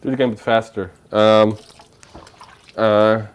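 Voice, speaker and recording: A man's voice: medium pitch, animated, unhurried, pauses often, a little mellow. A man telling a rambling, playful story on a casual livestream, with lots of filler words. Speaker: streamer.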